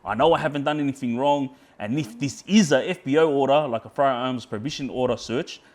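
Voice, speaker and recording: A man's voice: medium pitch, a little fast, a little mellow. A man with an Australian accent, a podcast guest casually telling a story and quoting himself as he goes. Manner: rambling, repeats words and restarts, quotes himself.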